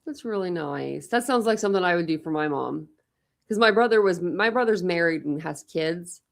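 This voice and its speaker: A talkative young woman chatting casually on an open panel. Her voice sits a little low, and she tells lively stories, jumping into quoted voices as she goes. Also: normal speed, gravelly. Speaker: channel host.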